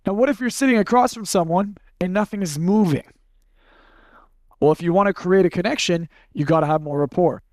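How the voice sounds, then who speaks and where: A man's voice: high-pitched, brisk, a little mellow, dry recording. A young man giving a casual seminar talk to an audience, blunt and profane, telling stories and acting out what people said. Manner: blunt, profane, storytelling with acted-out quotes. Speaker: speaker teaching a live audience.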